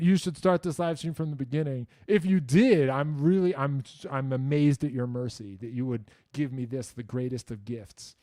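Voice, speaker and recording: With a medium-pitched, slightly mellow voice, a man fields viewer questions during a laid-back livestream Q&A. He wanders, jokes at his own expense, and fills his speech with "like," "you know," and frank swearing. The studio-quality recording has no room sound.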